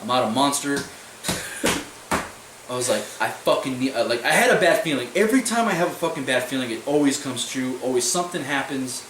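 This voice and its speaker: Casual young male vlogger, rambling and profane, mid-pitched, echoey distant room sound. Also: animated, fairly quick. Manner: rambling, profane, repeats "I was like" a lot. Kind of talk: casual storytelling vlog. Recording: echoey room, mic at a distance, faint noise.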